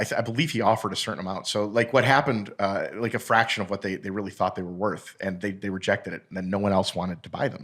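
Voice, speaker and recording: Low-voiced man telling a rambling story. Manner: rambling, animated, profane, many fillers and restarts. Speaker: podcast guest. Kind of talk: casual storytelling chat.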